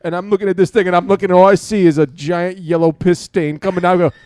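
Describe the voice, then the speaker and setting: A young man co-hosting a casual podcast tells a story at full volume, laughing and swearing as he goes. His voice sits very high for a man. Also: little pitch movement, fast, clear, resonant tone, no room sound, studio quality. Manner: boisterous, laughing, loud storyteller who swears freely. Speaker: podcast co-host.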